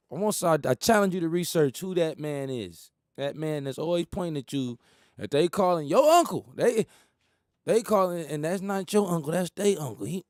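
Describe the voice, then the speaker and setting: A man's voice: a little high, lively intonation, normal speed, darkish tone, dry recording, studio quality. A man hosting a talk radio show, delivering an emphatic, profane, preachy monologue. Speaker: host.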